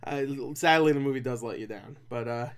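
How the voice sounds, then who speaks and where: A man's voice: mid-range voice, fairly quick, smooth. A man giving a casual, rambling spoken film review, swearing and laughing often, with frequent restarts. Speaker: movie reviewer.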